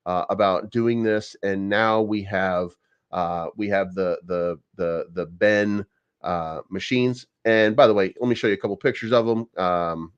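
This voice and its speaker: A man's voice: on the low side, clean tone, no room sound, muffled recording. A man hosting a crypto channel, talking casually through price charts, rambling with lots of fillers, repeated words and casual swearing.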